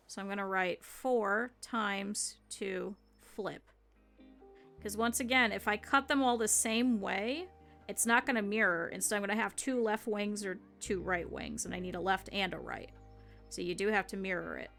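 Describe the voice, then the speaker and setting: Bright-voiced woman walking chat through sewing. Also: medium pitch, moderate pace, creaky, faint music behind. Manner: chatty, explains as she works, talks to chat. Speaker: streamer teaching plush sewing. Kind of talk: casual step-by-step craft tutorial.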